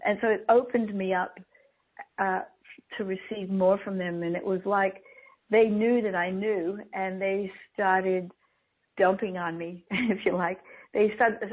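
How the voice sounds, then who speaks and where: A middle-aged woman, a guest on an interview show, telling stories in a chatty way and laughing often. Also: medium pitch. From Australia. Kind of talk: casual storytelling interview. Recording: tinny phone line.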